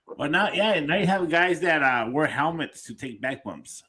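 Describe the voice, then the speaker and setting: A man's voice: on the high side, expressive, normal speed, bright, forceful tone. A man hosting a casual interview, chiming in briefly while his guest tells stories. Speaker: interviewer, former manager.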